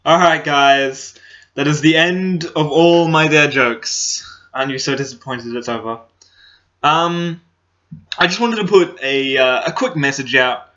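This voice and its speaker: A young man talks straight to his laptop camera in a hesitant, halting way, full of ums and restarts. His voice is bright and tense. The laptop's built-in microphone makes the sound dull and lo-fi. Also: fairly high pitch. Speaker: comedy vlogger. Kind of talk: casual talk to camera. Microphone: laptop built-in mic.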